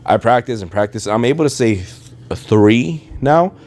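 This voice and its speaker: A man's voice: mid-range voice, lively intonation, normal speed, a little mellow, slight background noise. A man hosting a podcast from home in casual, rambling talk, with a slight Spanish accent in his English and a habit of losing his train of thought. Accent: Spanish-influenced English, rolled R's. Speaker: podcast host. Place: at home, dishwasher running. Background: faint video game music.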